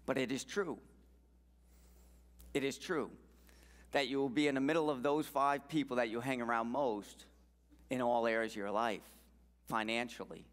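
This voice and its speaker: A man's voice: mid-range voice, a bit bright. A man giving an earnest, emphatic motivational talk at a church men's event, repeating key phrases. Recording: long reverb in a church hall.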